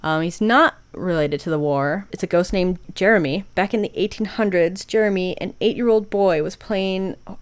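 A woman's voice: fairly low pitch, normal speed, clear, resonant tone. A woman co-hosting a ghost-story podcast, casual, laughing and swearing as she tells stories. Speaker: podcast co-host. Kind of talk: casual chat.

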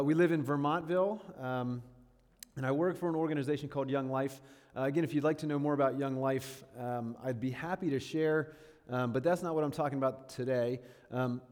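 A man's voice: mid-range voice, a little mellow. Chatty man speaking in a reverberant hall. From northern New York State. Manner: chatty and self-deprecating, lots of fillers and checks. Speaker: guest speaker. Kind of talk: casual sermon-style talk.

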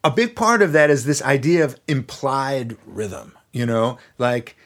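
A man's voice: mid-range voice, animated, a little slow, fairly bright tone. A man, a violinist and teacher, explaining his technique as a guest on a podcast, thoughtful and searching for words, sometimes singing rhythms aloud.

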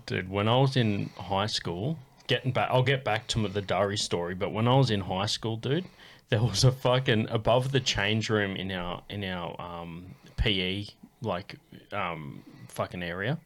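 A man's voice: fairly low pitch, a little slow, a bit bright. An Australian man in his thirties, co-hosting a podcast and telling stories in casual chat, swearing and laughing often. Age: 30s. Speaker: podcast co-host.

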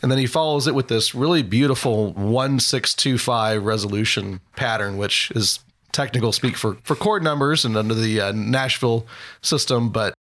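A man co-hosts a casual music podcast with a voice of ordinary middle pitch. He talks through chord changes and song history in an earnest, musing way. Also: moderate pace, fairly bright tone. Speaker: podcast co-host. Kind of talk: casual music-talk chat.

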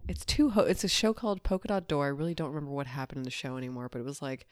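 A woman's voice: sits low, expressive, racing, noisy background. A young woman co-hosting a podcast, teasing her friend and joking with swearing. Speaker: podcast co-host. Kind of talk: casual podcast chat.

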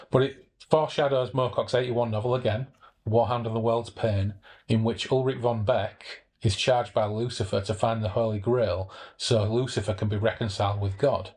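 A man, hosting a podcast and summarizing a novel in relaxed, chatty talk, with passages read aloud. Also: fairly low pitch, normal speed, breathy edge. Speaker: podcast host.

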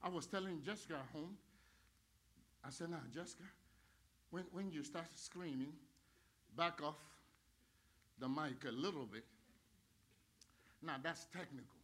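A middle-aged male pastor preaching a sermon, swinging between hushed, slow talk and loud shouted praise. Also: on the high side. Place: church sanctuary. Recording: live church sound with music and crowd. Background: music and congregation.

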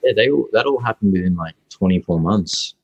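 A young Australian man, a guest actor, chatting casually in an interview, halting and restarting often. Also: low-pitched, animated, husky, dry recording, lo-fi sound. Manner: halting, full of restarts and fillers.

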